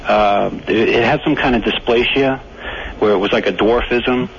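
A man's voice: medium pitch, steady tone, moderate pace, muffled recording, a little hiss or hum. A man calling in to a radio show with a question, speaking hesitantly. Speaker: caller.

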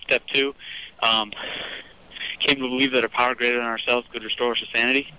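A man's voice: medium pitch, flat delivery, a little fast, pushed and bright, clean tone, poor audio. A young man calling a radio show, hesitant and rambling, full of fillers. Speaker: caller. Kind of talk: phoned-in radio call.

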